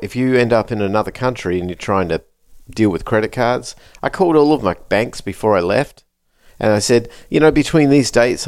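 Man, podcast co-host, chatty, laughs as he talks, medium pitch, dry sound. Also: darkish tone, no room sound. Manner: chatty, laughs while complaining. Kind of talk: casual chat.

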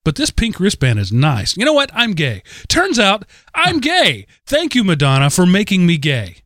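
A man's voice: high-pitched, huge pitch swings, moderate pace, a bit bright, voice pushed up, heavily acted. A man camping up a guy who suddenly turns gay. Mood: mock surprise.

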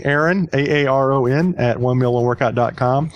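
A man's voice: mid-range voice, fairly quick, dry recording. A man co-hosting a podcast in casual, joking chat, rambling a little with fillers as he promotes a listener contest. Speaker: podcast co-host.

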